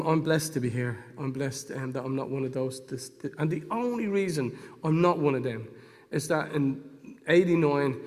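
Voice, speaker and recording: Fervent preacher in a reverberant hall. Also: male voice, mid-range voice. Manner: storytelling, swings from hushed to fervent. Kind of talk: testimony sermon.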